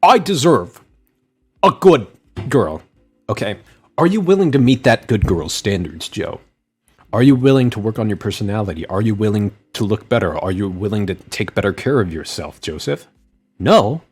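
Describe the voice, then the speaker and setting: A man's voice: fairly low pitch, animated, a little fast, darkish tone, slightly rough. A man co-hosting a podcast commentary, lecturing in a sarcastic tone. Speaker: commentary co-host.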